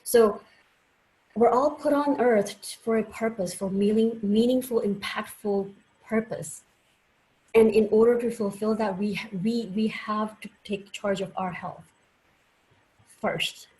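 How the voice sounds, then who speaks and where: A woman's voice: medium pitch, fairly even intonation, unhurried, dark tone, poor audio. A woman doctor giving a conference presentation, telling personal stories in an earnest way with frequent fillers. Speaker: doctor and guest speaker.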